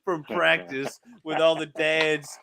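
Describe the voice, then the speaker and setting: Joking co-host, somewhat high voice. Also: male voice, flat delivery, takes it slowly, gravelly, a crowd in the background. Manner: joking, teasing, profane. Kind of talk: casual podcast chat.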